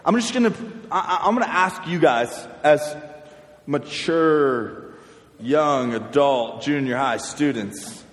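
A fairly high-voiced man gives a relaxed talk to a youth group, chatty and loose in his phrasing. He repeats words as he goes. His voice rings through an echoey church hall with a long reverb tail. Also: takes it slowly. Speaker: youth pastor. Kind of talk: casual youth sermon.

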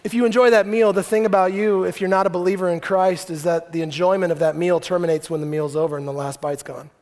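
A man in his thirties preaching a sermon to a congregation, telling stories in an animated, joking way. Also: high-pitched, quick pace. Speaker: pastor. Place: large hall before a congregation. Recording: long hall reverb.

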